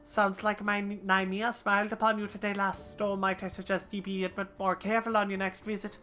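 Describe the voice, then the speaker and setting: A woman's voice: medium pitch, flat delivery, a little fast, fairly bright tone, faint music behind, close to an everyday voice. A woman voicing a sly, roguish male thief who talks in old-fashioned rogue slang. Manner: old-fashioned rogue slang, reading game dialogue aloud.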